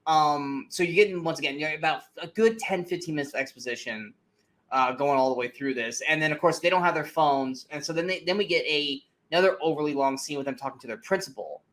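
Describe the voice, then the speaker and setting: Casting note: man with a slightly high voice, co-host in a loose movie-review chat, rambles and restarts. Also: fast, fairly bright tone. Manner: rambling, many restarts and fillers. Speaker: podcast co-host.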